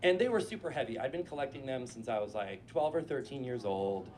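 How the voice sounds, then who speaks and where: A man in his forties from New Hampshire, telling a casual, profane and animated story on stage before a live audience. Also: mid-range voice, a little fast, slight background noise.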